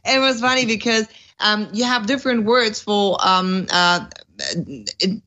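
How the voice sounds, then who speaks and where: A woman's voice: medium pitch, expressive, unhurried, pushed and bright. A woman in her thirties with a German accent, a guest chatting casually on a talk show, telling stories and laughing often. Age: 30s. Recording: dull lo-fi audio.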